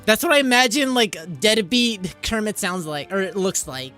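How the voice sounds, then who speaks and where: A man's voice: high voice, expressive, moderate pace, pushed and bright, faint music behind. A man streamer chatting casually while trying out silly voices, giggling and rambling, with frequent self-interruptions.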